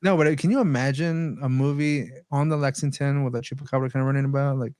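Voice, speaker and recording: A man's voice: mid-range voice, fairly even intonation, quick pace, darkish tone, dry recording. A man co-hosting a podcast in casual chat, reading out notes between laughs and casual swearing. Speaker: podcast co-host.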